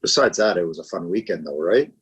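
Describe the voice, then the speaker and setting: A man co-hosting a podcast, talking in a halting casual way and repeating words as he thinks. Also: low-pitched, animated, fairly bright tone, husky. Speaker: podcast co-host. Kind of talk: casual chat.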